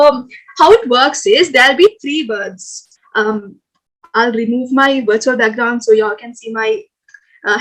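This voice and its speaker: A woman's voice: high-pitched, a bit bright, rough recording. A young woman, hosting a casual online game for new students in a chatty, upbeat, coaxing way with many fillers. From Sri Lanka. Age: young adult. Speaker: game host at a student club orientation. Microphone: video call.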